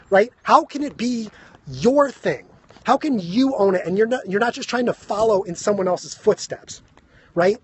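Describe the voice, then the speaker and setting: A man giving a fast, emphatic motivational talk on a phone live stream, out of breath, and he keeps asking "right?". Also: high voice, breathy edge. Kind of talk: energetic motivational talk to viewers. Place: high school grounds.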